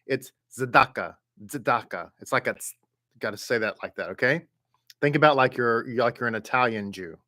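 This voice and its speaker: A man teaching a Hebrew reading class, patiently sounding out letters and syllables, with halting restarts and frequent check-ins. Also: mid-range voice, bright, forceful tone. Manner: patient, repeats sounds slowly for learners. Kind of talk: online class instruction.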